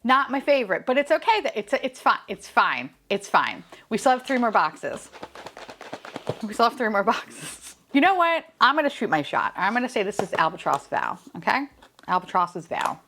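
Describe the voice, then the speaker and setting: A woman vlogging a toy unboxing in casual chat, excitable and profane, swinging from deadpan grumbling to squealing delight. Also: medium pitch, normal speed, slight background noise.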